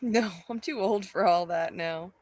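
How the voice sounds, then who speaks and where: A woman's voice: medium pitch, measured pace, a little mellow, dry recording. Giggly woman co-host, dry close sound. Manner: giggly, agreeable, backchannels often. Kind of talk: casual chat.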